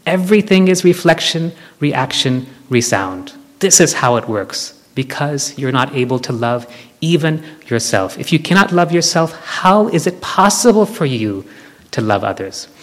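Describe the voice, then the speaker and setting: A man giving a devotional talk to an audience, animated, leading them in group chants. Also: on the high side, normal speed. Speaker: spiritual speaker. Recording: hall with long reverb.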